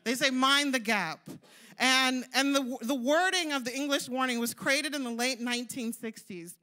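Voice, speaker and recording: Young woman preacher, high bright tone, casual storytelling delivery. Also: moderate pace. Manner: chatty, storytelling, lots of "like" and "you know". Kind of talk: sermon.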